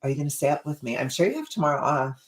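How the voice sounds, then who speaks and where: A woman's voice: low-pitched, animated, rapid-fire, reverberant, low-quality recording. A woman casually chatting on a livestream while cooking at home, rambling and self-deprecating. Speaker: livestreaming vlogger. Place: home kitchen.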